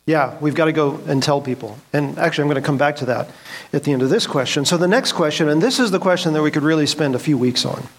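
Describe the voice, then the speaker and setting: Quoting scripture in earnest, a man teaching a church Bible class puts questions to the group. He talks at a quick pace in a voice that is a little high.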